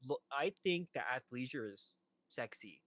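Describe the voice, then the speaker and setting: A man's voice: medium pitch, lively intonation, unhurried, fairly bright tone, no echo. Laid-back man, dry close sound. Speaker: podcast co-host. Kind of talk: casual podcast chat.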